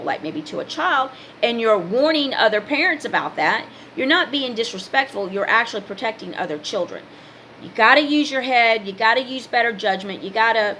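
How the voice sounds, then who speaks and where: Bright-voiced woman giving spiritual advice. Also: mid-range voice, slight background noise, low-quality recording. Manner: preachy, emphatic, repeats commands. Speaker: spiritual advice vlogger and card reader. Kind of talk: casual spiritual advice monologue.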